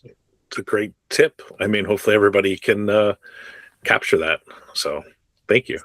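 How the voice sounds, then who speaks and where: A man's voice: on the low side, normal speed, a bit bright, no echo. A man co-hosting a podcast, offering short reactions and questions with hesitant fillers. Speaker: podcast co-host. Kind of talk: casual podcast conversation.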